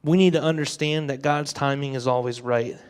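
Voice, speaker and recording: A man in his twenties preaching an energetic youth sermon. He talks in an animated, joking way and acts out the thoughts he quotes. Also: medium pitch, a little fast, smooth. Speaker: youth pastor.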